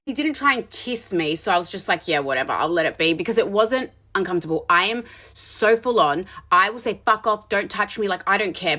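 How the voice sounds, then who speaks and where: A woman in her thirties telling a bad-date story in a casual storytime monologue, blunt and animated, swearing freely. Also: medium pitch.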